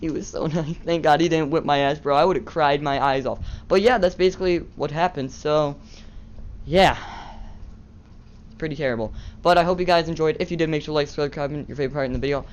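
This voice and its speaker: A man's voice: fairly high pitch, a little fast, lo-fi sound. A teenage boy vlogger tells a casual, rambling story, swearing and laughing at himself.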